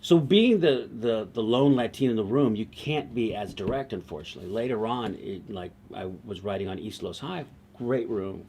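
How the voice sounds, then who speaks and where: A male television writer in an interview, telling an anecdote in an animated way and acting out other people's lines. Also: fairly low pitch, normal speed, a little hiss or hum.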